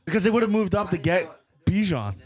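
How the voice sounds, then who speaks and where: A man's voice: high voice, animated, a little fast, a little mellow, breathy edge. A man co-hosting a sports podcast, cursing and arguing heatedly in casual chat. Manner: profane, irritated, argumentative. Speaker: podcast co-host. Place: garage.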